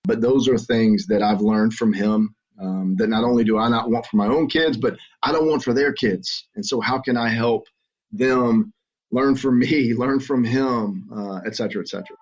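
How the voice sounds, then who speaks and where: A middle-aged man with a Southern American accent, telling his story as a podcast guest in an earnest, halting way with frequent restarts. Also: lowish voice, darkish tone. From Southern United States. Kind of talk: conversational storytelling. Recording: muffled lo-fi audio.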